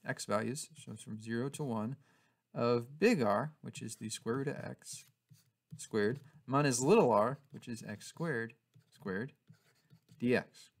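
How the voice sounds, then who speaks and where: A man with a gravelly voice teaches calculus. He talks at an ordinary pitch, relaxed and chatty, with casual fillers as he explains. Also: unhurried. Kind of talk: casual math lesson.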